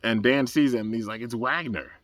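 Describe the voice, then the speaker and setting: A man casually recapping an animated episode in a loose, rambling way, full of fillers and bursts of excitement. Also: mid-range voice, a little fast. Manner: rambling, loose and enthusiastic, full of "um" and "you know". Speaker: anime episode reviewer.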